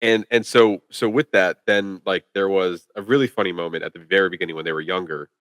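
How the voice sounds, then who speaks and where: A low-voiced man with fairly even intonation and a fairly bright tone co-hosts a podcast, speaking a little fast with no echo. He chats loosely about a film, wandering off track and filling gaps with plenty of "like."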